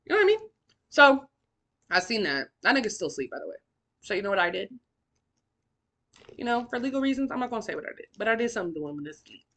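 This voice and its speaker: A young woman hosting a podcast, telling her own story in a blunt, profane, animated way with big swings in pitch and loudness. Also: fast. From California. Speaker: podcast host. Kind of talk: candid personal storytelling.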